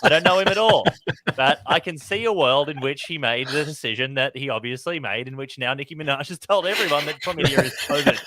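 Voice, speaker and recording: Aussie comic guy, bright edgy voice, deadpan logic, dry close mic. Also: fairly high pitch, a little fast, dry recording. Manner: builds jokes step by step, deadpan reasoning. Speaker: comedian guest. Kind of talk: comedy podcast banter.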